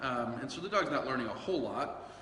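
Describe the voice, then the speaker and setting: Bright-voiced man in an echoey room. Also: medium pitch, animated, fast talker. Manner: conversational, loose, with fillers and self-corrections. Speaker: dog trainer and podcast host. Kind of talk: casual solo podcast talk. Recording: echoey room with long reverb and faint hiss.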